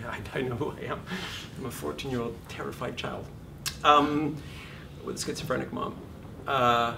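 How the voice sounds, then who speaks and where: Man in his fifties teaching an acting class, animated and profane, heard from across an echoey room with rumbling noise. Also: vocal fry, far from the mic. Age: 50s. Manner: animated, swearing, self-deprecating storyteller. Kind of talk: live seminar talk. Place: classroom seminar. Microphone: distant room mic.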